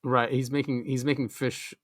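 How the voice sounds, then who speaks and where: Male podcast host, casual and jokey, mid-pitched, dry. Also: level tone, moderate pace, no room sound. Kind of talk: casual chat.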